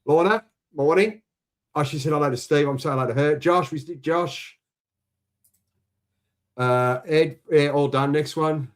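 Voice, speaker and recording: Chatty Australian man, slightly high voice. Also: unhurried, long pauses. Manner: chatty, reading out viewer shout-outs. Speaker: livestream co-host. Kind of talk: casual chat.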